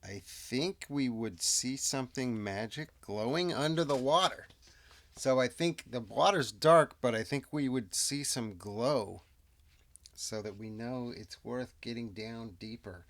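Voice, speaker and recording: Slow, gravelly-voiced man musing over a solo game. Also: mid-range voice. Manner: muses aloud, drops into muttered whispered asides. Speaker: solo tabletop game player. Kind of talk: casual thinking-aloud game narration.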